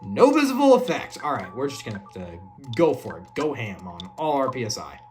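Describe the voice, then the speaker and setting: A woman's voice: rumbling low, sing-song, brisk, a little mellow, faint music behind. A woman playing through a video game, reading the text aloud and reacting. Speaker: game streamer.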